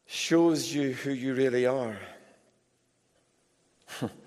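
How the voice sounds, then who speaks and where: A man's voice: mid-range voice, slow pace. Emphatic man preaching in a hall. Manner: animated, emphatic preaching with asides to the congregation. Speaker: pastor. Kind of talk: sermon. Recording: long reverb in a large hall.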